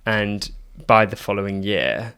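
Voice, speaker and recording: A man's voice: on the low side, lively intonation, measured pace, fairly bright tone, clear, resonant tone. A man co-hosting a design podcast, chatting casually with many fillers. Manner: chatty, filler-heavy with frequent "like". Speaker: podcast co-host. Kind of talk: casual chat.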